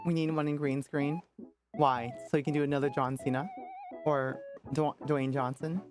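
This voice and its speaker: A woman's voice: sits low, steady tone, normal speed, over music. A woman streamer chatting casually and playfully, often laughing at herself. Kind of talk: casual livestream chat.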